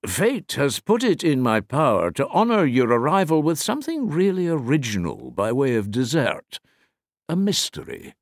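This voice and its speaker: A man voicing a talkative, courtly male lawyer who teases his friend with a mystery, speaking in a raised, lively voice. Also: on the high side, moderate pace, no room sound, studio quality, voice pushed up. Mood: genial.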